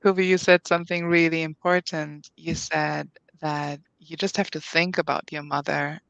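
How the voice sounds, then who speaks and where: A panel moderator who speaks in a measured, empathetic way while leading a discussion. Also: mid-range voice, flat delivery, vocal fry, a bit bright, clear, resonant tone, no room sound, muffled recording.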